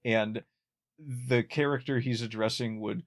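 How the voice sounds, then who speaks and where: A man's voice: medium pitch, steady tone, a little slow. A man co-hosting a podcast, chatting casually about a classic sitcom, rambling with frequent restarts and chuckling at his own jokes. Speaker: podcast co-host.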